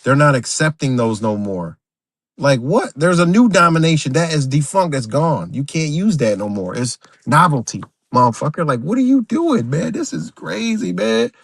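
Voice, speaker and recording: A man's voice: a little high, big pitch swings, moderate pace, creaky, few pauses, breathy edge, no room sound, studio quality. Profane ranting man on a livestream. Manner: profane, emphatic, repeats himself, talks to viewers directly. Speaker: livestream host. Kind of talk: unscripted livestream rant.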